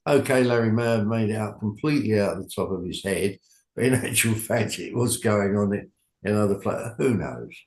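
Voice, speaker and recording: An older man talks in a rambling, chatty way, drifting into asides as he goes. His voice sits low, and it carries the ring of an echoey room. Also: expressive, moderate pace. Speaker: club organizer, guest. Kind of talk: casual chat.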